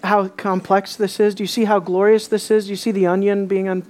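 A woman preaching an expository sermon, emphatic, asking rhetorical questions and swinging from loud to soft. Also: medium pitch, flat delivery, brisk.

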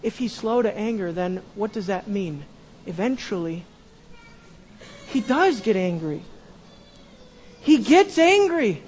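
High-voiced man preaching a sermon. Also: big pitch swings, takes it slowly, pauses often, in a large hall, a little hiss or hum. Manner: emphatic, repeats key phrases, swings from loud to hushed. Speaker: pastor.

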